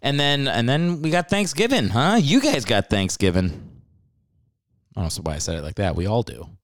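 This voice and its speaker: A man's voice: mid-range voice, sing-song, quick pace. A married man hosting a comedy podcast, ranting with joking asides and casual swearing. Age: adult, married. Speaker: podcast host.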